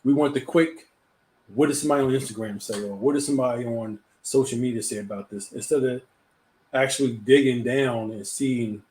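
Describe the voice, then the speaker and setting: A man's voice: medium pitch, fairly quick, darkish tone. A man hosting a live talk show, chatting casually and often repeating words as he gets a thought going. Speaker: host.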